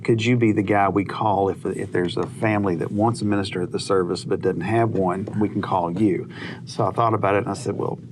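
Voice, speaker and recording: A man who is a minister, telling a lively story on a TV talk show and acting out the dialogue. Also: fairly low pitch, fairly quick, noisy background. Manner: animated anecdote-teller who acts out dialogue. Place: TV studio.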